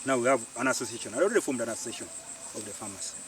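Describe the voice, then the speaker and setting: A Ugandan man, a farmer and community organiser, telling his story in an animated way and repeating phrases for emphasis, recorded outdoors. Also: mid-range voice, racing, slight background noise. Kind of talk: storytelling interview. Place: outdoors on a farm. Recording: distant mic outdoors, faint insects.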